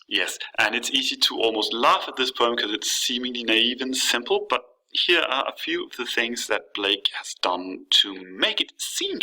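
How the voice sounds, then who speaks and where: A male teacher walks his students through a poem. His voice sits a little low, but it has a very bright, forceful edge. He pauses on fillers and restarts as he explains. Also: rough recording. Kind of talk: classroom lesson with a poem reading.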